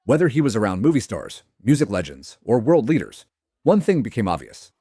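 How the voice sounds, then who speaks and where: A male narrator delivers scripted documentary lines at a brisk clip with a husky, breathy tone. The voice is dry and close, with lively rises and falls. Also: mid-range voice, no echo.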